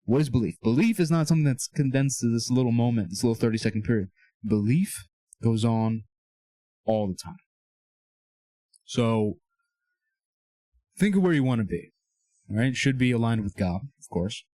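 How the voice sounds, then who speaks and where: A man's voice: mid-range voice, normal speed, pauses often, dark tone, no echo. Earnest young man coaching, dry sound. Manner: earnest, coaching tone, keeps checking in with "okay?" and "all right?". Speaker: Christian self-improvement speaker. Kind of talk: casual motivational talk. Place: small room with a whiteboard.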